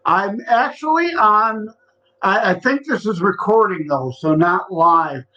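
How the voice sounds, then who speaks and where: A chatty man with a high-pitched voice talks easily on a podcast, wandering through small asides. His tone is bright and sharp. It comes through a dull, lo-fi remote line. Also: lively intonation, unhurried. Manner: easygoing and chatty, drifting between small asides. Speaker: podcast guest. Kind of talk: casual chat.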